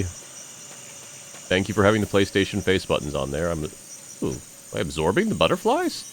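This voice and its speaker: A man's voice: lowish voice, very animated, a little slow, a bit bright, slight background noise. A man from Ireland casually commentating a game he plays, making playful, jokey asides and reading game text aloud. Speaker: let's play gamer.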